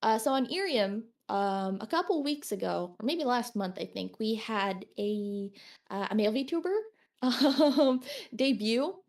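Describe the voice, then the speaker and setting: A woman's voice: a little high, a little slow. A woman streamer chatting casually, telling stories with lots of giggles. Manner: giggly, animated storytelling.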